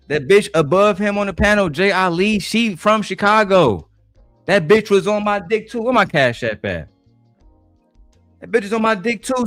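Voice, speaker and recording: A man's voice: high-pitched, no room sound. Profane ranting livestream man. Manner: profane, heated, animated ranting. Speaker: livestream host. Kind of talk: livestream reaction rant.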